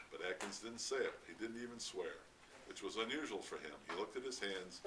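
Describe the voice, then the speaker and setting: A man reading a novel aloud at a library event, steady with occasional stumbles. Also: fairly low pitch, a little fast. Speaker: reader at a library read-out. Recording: distant mic, faint background noise.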